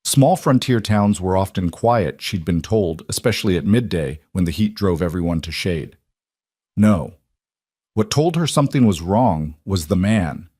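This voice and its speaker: Low-voiced male story narrator. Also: slightly rough, dry recording, studio quality. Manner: steady, measured storytelling. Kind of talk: scripted audiobook narration.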